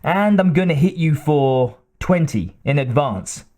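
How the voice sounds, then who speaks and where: A man's voice: on the high side, lively intonation, a little slow, darkish tone. A man voicing a sleazy, fawning young male hotel desk clerk in an audiobook. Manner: fawning, wheedling.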